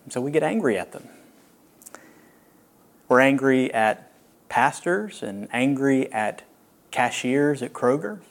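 A man preaching a sermon as a pastor, earnest and reflective, with long pauses. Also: mid-range voice, animated, creaky.

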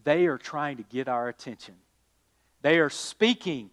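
A pastor preaching to his congregation, his voice sitting a little high for a man. He talks at an unhurried pace, swings up to loud emphatic calls, then drops to a hush. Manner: addresses listeners as y'all. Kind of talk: sermon.

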